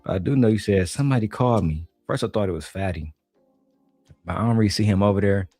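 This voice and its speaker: A man from Detroit with a deep, low voice tears into a panel in loose, profane slang. His talk is blunt and trash-talking, recorded dry and close with a faint music bed. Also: quick pace, darkish tone, no echo. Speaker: commentator reacting to a panel clip. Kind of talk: profane reaction commentary.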